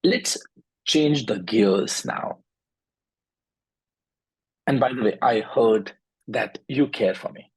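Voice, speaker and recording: A man hosting a podcast, asking earnest interview questions in a slow, deliberate way with a gravelly, raspy voice. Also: fairly low pitch, rough recording. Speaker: podcast host.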